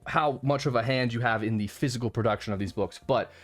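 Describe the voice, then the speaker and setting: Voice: mid-range voice, fast talker. A host running a casual livestream interview, laughing often and gushing with enthusiasm. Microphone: headphones with desk mic.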